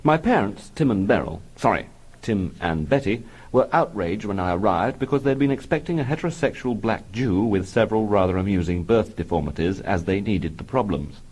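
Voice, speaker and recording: A man reading a comic memoir aloud in a dry, deadpan manner. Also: fairly low pitch, fairly quick, slightly rough, poor audio. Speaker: comic narrator.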